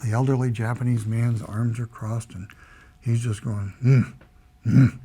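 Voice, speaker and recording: A man's voice: mid-range voice, moderate pace, slightly rough. Older American man telling war stories. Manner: relaxed anecdotal storytelling, acts out quoted dialogue. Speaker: interviewee, retired Air Force colonel and nurse. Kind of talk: oral history interview storytelling.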